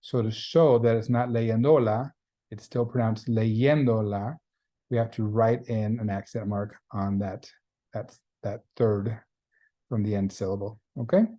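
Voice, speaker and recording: A man's voice: fairly low pitch, little pitch movement, moderate pace, dark tone. A man teaching a beginning Spanish class in a recorded lecture, explaining grammar patiently and repeating the key points. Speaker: Spanish instructor.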